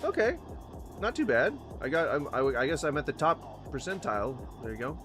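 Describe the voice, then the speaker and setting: A man's voice: fairly high pitch, sing-song, moderate pace, over music. A man reacting to videos on his channel, ranting casually and swearing often between laughs. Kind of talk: casual profane commentary.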